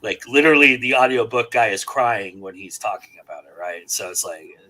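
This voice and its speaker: A man hosting a casual round-table podcast, talking in an animated, rambling way with many fillers. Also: on the low side, brisk, poor audio. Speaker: podcast host.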